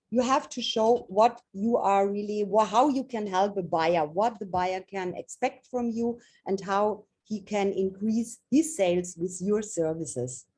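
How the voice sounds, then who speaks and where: A woman from Germany, speaking English as a second language, gives a webinar talk on trade fair preparation. Her voice is mellow and a little dark, at an ordinary middle pitch. She explains earnestly and often circles back to restart a phrase. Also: husky. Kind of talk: webinar presentation.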